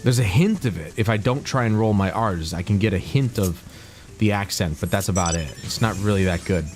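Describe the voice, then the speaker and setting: A man's voice: on the low side, a little fast, darkish tone, faint music behind. A man streaming a video game, chatting casually and thinking aloud about the story and quests. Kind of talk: casual gameplay commentary.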